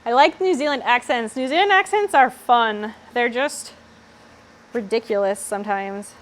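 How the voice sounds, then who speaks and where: A woman's voice: fairly high pitch, normal speed, a bit bright, slight background noise, low-quality recording. A woman from Australia chatting casually on a live stream, swearing freely and answering chat while she works in a workshop.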